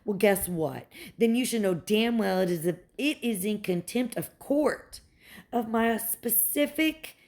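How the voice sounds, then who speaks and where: A young woman, a mother, in a heated and profane personal rant, sarcastic and quick to mock others. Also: medium pitch. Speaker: mother venting about her ex's family.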